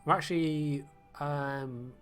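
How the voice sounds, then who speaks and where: Soft music plays behind this British man as he slowly and steadily commentates his gameplay on a livestream, his fairly high voice clean and a bit bright. His casual talk wanders, packed with filler words and dry jokes at his own expense.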